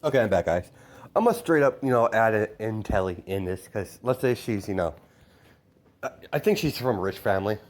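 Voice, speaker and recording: A man improvising a fan story out loud in a rambling way, filling his sentences with hesitations and fillers. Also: fairly low pitch, expressive, fairly quick. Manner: rambling, full of "you know" fillers.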